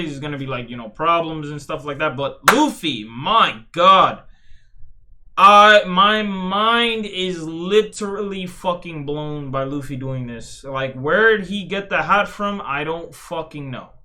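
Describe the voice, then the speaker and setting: Rambling, cursing young man, bright voice. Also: a little high. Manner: rambling, profane, full of fillers and restarts. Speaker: streamer. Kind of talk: casual commentary on a comic.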